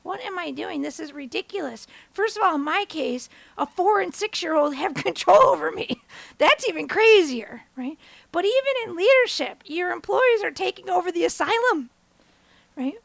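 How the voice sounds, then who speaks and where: Woman host w a high voice and a bit of vocal fry, chatty motivational storytelling, dry close sound. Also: moderate pace, dry recording. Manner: animated, acts out her own and others' words in bigger voices; conversational, asks listeners "right?". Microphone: camera.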